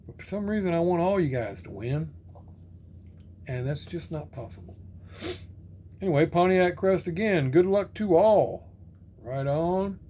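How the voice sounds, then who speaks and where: Laid-back man with a slightly high voice. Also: expressive, unhurried, pauses often, dark tone. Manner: laid-back, rambling, reads comment names then answers; repeats friendly sign-offs like "right on, brother". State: sore arm and shoulder. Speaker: diecast collector reading viewer comments. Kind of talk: casual chat.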